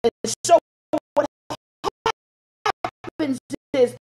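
High-voiced fervent woman preaching. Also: extremely slow, background noise. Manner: fervent, exhorting, lapses into vernacular speech. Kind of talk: sermon.

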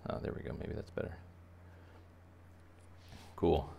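Warm-toned and measured, a man teaches children to draw in a casual, playful lesson that rambles and is packed with fillers. The audio is dull, with slight background noise.

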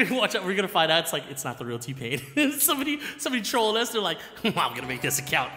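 A man hosting a live music stream from home, chatting with viewers in an animated, laughing way. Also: high-pitched, fast talker, roomy sound, in a large hall. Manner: animated, laughing, repeats himself. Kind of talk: excited casual live-stream chat.

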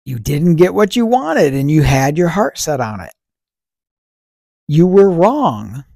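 A man's voice: fairly high pitch, sing-song, slow pace, gravelly, darkish tone, no room sound, clean studio sound. A man hosting a podcast, talking through ideas in a casual, reflective monologue, posing rhetorical questions and answering them himself. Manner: conversational, fillers like "you know" and "right". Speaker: podcast host.

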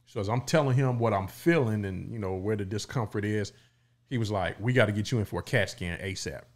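A middle-aged man with a lowish voice speaks fairly quickly. As a podcast co-host, he tells his story loosely and casually, dropping the occasional swear.

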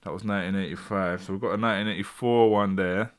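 A man's voice: low-pitched, steady tone, fast, clean tone. A man hosting a casual livestream, thinking aloud and reading out viewer comments. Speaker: host.

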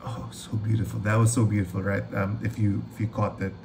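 Excitable man gushing through a reaction. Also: lowish voice, brisk, vocal fry, noisy background. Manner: gushing, excitable, swears freely, rambles. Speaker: reaction video host. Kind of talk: casual trailer reaction.

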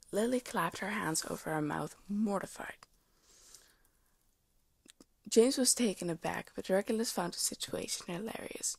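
A woman's voice: mid-range voice, measured pace, creaky, pauses often, husky, dry recording. A woman reading a fan story aloud, stumbling over words and restarting them. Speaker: podfic reader.

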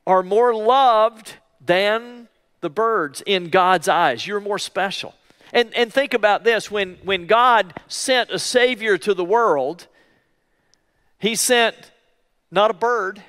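A male pastor preaching a sermon in an emphatic way, repeating key phrases slowly for weight. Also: sits high, a bit bright, in a large hall. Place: church.

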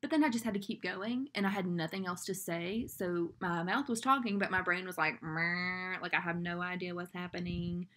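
A woman's voice: on the low side, fairly quick, hardly any pauses, a bit bright. A young woman, rambling anxiously and doubting herself in a casual vlog. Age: young adult. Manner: anxious, rambling and self-doubting, with nervous laughs. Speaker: vlogger. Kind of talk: casual vlog talk to camera.

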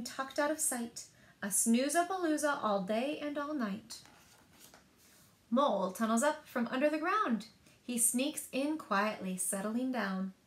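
Slow, rhythmic woman reading aloud. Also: on the high side. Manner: rhythmic, expressive read-aloud. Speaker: librarian. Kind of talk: reading picture books aloud. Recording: echoey room.

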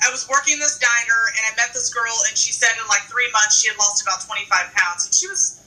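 A woman's voice: fairly high pitch, fast talker, bright, forceful tone, recorded from a distance, low-quality recording. A woman guest telling a story in a chatty, easygoing way. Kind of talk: casual chat.

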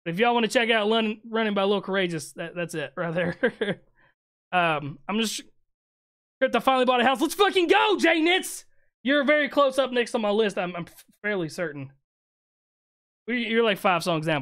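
Brief: male live streamer, high voice, casual and jokey, reacts to music. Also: animated, normal speed, pauses often, a bit bright. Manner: laid-back, joking, slangy, trails off and restarts.

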